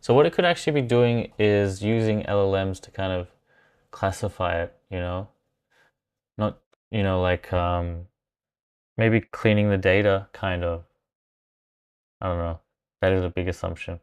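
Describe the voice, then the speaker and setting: A man hosting a live stream, chatting casually and thinking aloud as he tries out software. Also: low-pitched, a little slow, long pauses, clean tone. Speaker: livestream host testing software.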